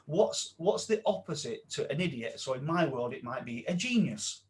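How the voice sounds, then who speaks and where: Man coaching with animated energy. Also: fairly high pitch, moderate pace. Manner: animated, drops to a quiet voice when quoting self-talk. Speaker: mindset coach guest. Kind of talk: casual podcast interview.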